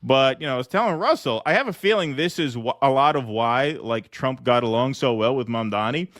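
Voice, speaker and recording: A man's voice: medium pitch, lively intonation, fairly quick, fairly bright tone, no room sound. Male host for a casual political comedy chat: chatty, laughs often, dry close mic.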